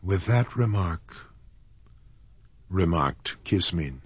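A man narrating an audiobook with a slow, dramatic storytelling delivery. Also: rumbling low, sing-song, a bit bright, slightly rough, no room sound, highs cut off.

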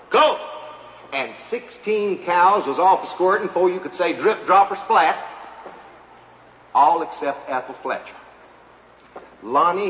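Country guy spinning a tall tale, bright high voice, big roomy hall, faint crowd. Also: slight background noise. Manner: folksy drawling storyteller, feigned humility. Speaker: comedian. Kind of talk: live comic monologue. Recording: echoey hall, dull live recording, faint crowd.

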